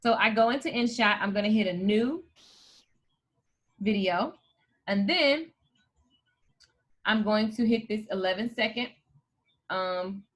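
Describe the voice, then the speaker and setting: Bright, hyped woman coach. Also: fairly high pitch. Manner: energetic, hyped, addresses viewers as "you guys". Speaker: host and coach. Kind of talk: live video tutorial.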